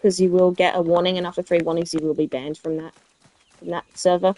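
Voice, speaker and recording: A woman's voice: on the low side, little pitch movement, quick pace, mellow. A woman with a South Australian accent, chatting casually with viewers while playing a game. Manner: chatty, rambling, answers live chat. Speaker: let's play streamer. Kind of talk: casual gaming chat with viewers.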